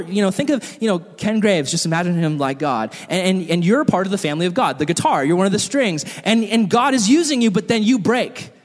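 A man preaching a sermon in a church hall with animated, comic storytelling. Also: high-pitched. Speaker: pastor. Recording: long hall reverb.

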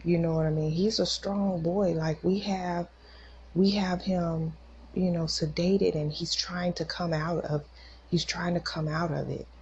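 A woman's voice: on the low side, flat delivery, a little slow, darkish tone. A mother and podcast host telling a personal testimony with emotion, talking straight to her listeners. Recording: dull lo-fi recording with faint noise.

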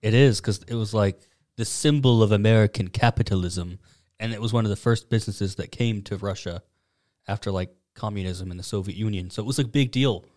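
A man hosting a casual comedic chat, relaxed, laughing as he tells stories. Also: on the low side, fairly quick. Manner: easygoing storyteller, laughs often. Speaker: podcast host presenting news stories.

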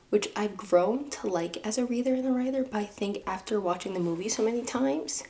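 A young woman with a New York accent hosts a casual podcast, discussing a book and its film adaptation and tossing asides to her listeners. Her mid-range voice has vocal fry and a darkish tone.

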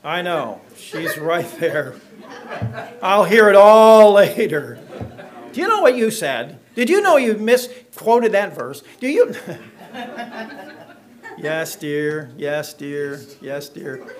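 High-voiced joking pastor. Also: male voice, very animated, slow. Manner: folksy, joking with the congregation. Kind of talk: sermon with scripture reading. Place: church.

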